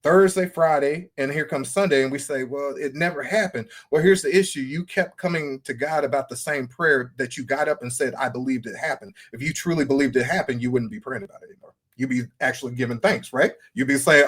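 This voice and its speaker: Husky man preaching on a podcast. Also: mid-range voice, a little fast, hardly any pauses, fairly bright tone. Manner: fervent, repetitive sermon-like delivery. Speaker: podcast host. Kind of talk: preaching-style podcast chat.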